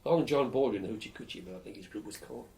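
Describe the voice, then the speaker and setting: An older man recounts his student years in an oral history interview. He talks in a lively, animated way and is blunt, swearing freely. His voice sits fairly low. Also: very fast, creaky, slight background noise.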